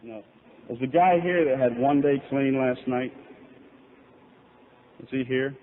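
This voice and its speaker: Speaking a little slowly in a medium-pitched voice, a middle-aged man tells his recovery story at a convention. He's candid and mocks himself, and the recording is tinny lo-fi tape with faint hiss.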